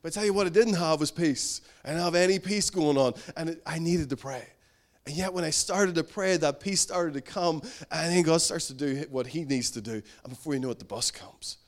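A middle-aged male pastor preaching a sermon, earnest, building to emphatic bursts and then dropping low and slow.

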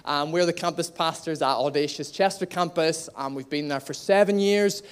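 A young male pastor with a Northern Irish accent, softened a little by years in England, preaches to a church congregation. His voice sits high for a man, smooth and clear, and he teases the crowd between points. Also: moderate pace. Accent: Northern Irish, slightly anglicized. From Northern Ireland. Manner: lively, joking with the congregation. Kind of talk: sermon. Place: church hall.

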